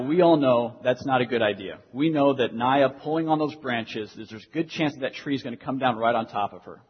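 Young male pastor, earnest sermon delivery, slightly husky, lo-fi recording with long hall reverb. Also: medium pitch. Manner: earnest, repeats key phrases for emphasis. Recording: dull lo-fi sound in a reverberant hall.

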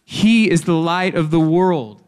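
Measured male worship leader. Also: fairly high pitch. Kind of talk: responsive scripture reading.

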